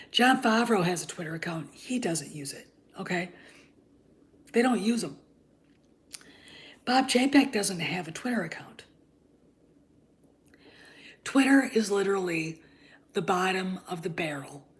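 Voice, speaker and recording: A woman hosting her own channel, talking in a blunt, heated, casual rant and swearing freely. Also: medium pitch. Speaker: channel host. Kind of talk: casual ranting commentary.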